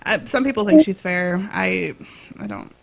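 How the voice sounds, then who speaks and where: A woman's voice: medium pitch, normal speed, vocal fry. A woman co-hosting a gaming podcast, sounding unenthused and trailing off in casual chat. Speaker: podcast co-host.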